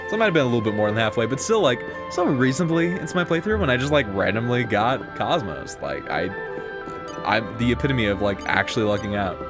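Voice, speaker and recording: A man's voice: medium pitch, big pitch swings, fast talker. A man chatting casually while live-streaming a game, rambling with lots of fillers and playful slang. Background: game music.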